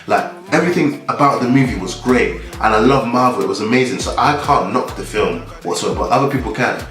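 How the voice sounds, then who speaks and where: A man's voice: medium pitch, brisk, fairly bright tone, roomy sound, soft background music. A young man from Nigeria giving a rambling, casual vlog monologue full of restarts and fillers.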